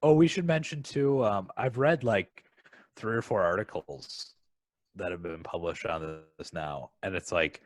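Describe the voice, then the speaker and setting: A man's voice: lowish voice, a little slow. A man co-hosting a film podcast in casual chat, talking hesitantly with plenty of ums and likes. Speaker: podcast co-host.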